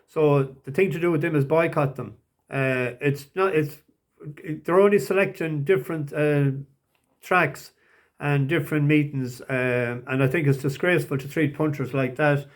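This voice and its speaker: A man's voice: fairly high pitch, steady tone, normal speed. A man talking casually through horse racing tips, hesitant and full of fillers and restarts. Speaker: racing tipster. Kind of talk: casual betting tips talk.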